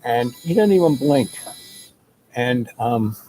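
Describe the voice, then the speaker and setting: Mellow-voiced man telling a rambling story. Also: mid-range voice, expressive, takes it slowly, a little hiss or hum, rough recording. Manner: rambling, many fillers and restarts. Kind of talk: casual spoken storytelling.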